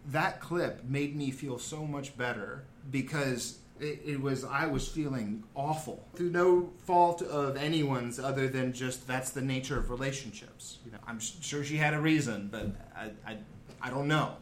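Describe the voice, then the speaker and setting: A man's voice: mid-range voice, moderate pace, reverberant, slight background noise. A man in casual podcast chat who talks in an earnest, reflective way.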